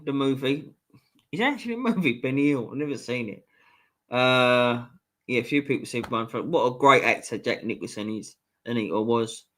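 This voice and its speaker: A man's voice: mid-range voice, fairly bright tone. A man hosting a live stream, reading out viewer comments and bantering bluntly with lots of swearing.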